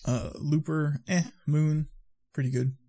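A man co-hosting a casual podcast, dropping dry, deadpan quips. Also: on the high side, slow pace. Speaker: podcast co-host.

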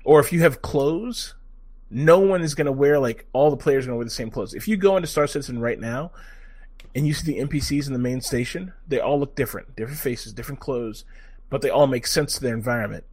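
A man giving a casual game review, excitable, swearing freely, full of fillers and restarts. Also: mid-range voice, fast, slightly rough.

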